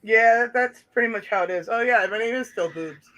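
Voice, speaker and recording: A man chats casually as a call-in guest, cracking jokes and tripping over his restarts. His voice sits high and sounds bright and sharp. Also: moderate pace, lo-fi sound. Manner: jokey, giggly, stammering restarts. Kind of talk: casual chat.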